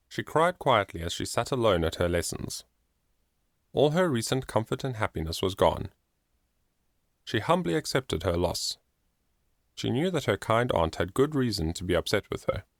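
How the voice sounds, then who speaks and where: A man narrating an audiobook in an expressive storytelling manner. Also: fairly low pitch, moderate pace, long pauses, no room sound, clean studio sound. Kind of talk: scripted narration.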